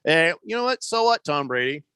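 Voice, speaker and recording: A man's voice: a little high, sing-song, brisk, pushed and bright, clear, resonant tone, no room sound. A man hosting a sports radio show in casual, rambling talk full of fillers and teasing asides.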